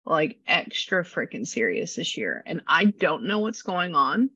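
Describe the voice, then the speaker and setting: Bright-voiced animated woman medium. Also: fairly low pitch, unhurried, breathy edge, no room sound, rough recording. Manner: animated, rambling, exclamatory. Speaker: psychic medium. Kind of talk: casual reading session.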